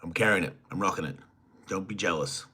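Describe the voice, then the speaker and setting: A man's voice: sits low, brisk, pushed and bright, husky. A man hosting a solo livestream, reading viewer chats aloud and answering them with crude joking banter that sometimes trails off into mumbles. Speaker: podcast host.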